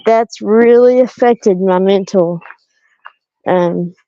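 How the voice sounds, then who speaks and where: A woman's voice: mid-range voice, slow pace, warm tone, no room sound, dull audio. A woman chatting casually on a live stream from her parked car, self-deprecating and laughing often as she answers viewer comments.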